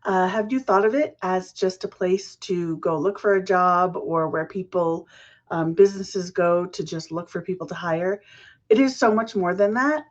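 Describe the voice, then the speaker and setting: A woman hosting a casual business chat show, chatty and friendly, her voice a little rough from the early morning. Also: medium pitch, highs cut off. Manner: chatty, laughs at own slips. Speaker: podcast host.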